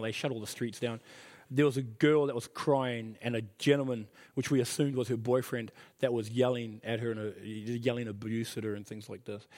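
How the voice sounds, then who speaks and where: Earnest preacher in a reverberant hall. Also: male voice, medium pitch, a little mellow. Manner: earnest, emphatic, repeats key phrases. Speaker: pastor. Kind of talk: sermon.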